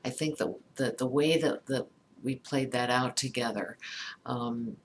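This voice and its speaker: A middle-aged woman, a psychologist, slowly telling a personal story about empathy in a halting way, with many fillers and restarts. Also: a bass voice, steady tone, a little hiss or hum.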